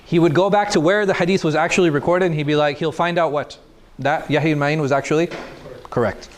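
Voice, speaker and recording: Male teacher, fairly high voice, explanatory lecture style that keeps questioning the class. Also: steady tone, fast, a little hiss or hum. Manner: explanatory, asks the class questions and answers them. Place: mosque classroom.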